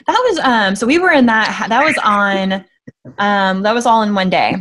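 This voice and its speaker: Woman, medium pitch, casual interview, hesitant, filler-heavy. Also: moderate pace, a bit bright. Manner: hesitant, many ums and likes. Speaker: actress guest.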